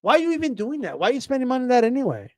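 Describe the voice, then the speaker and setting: Texas guy cussing up a storm about boxing on stream, real high voice, dry close sound. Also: sing-song, racing, a little mellow, no room sound. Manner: profane, heated, many restarts and filler "like"; mocks others in quoted voices. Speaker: boxing commentator. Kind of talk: casual livestream rant.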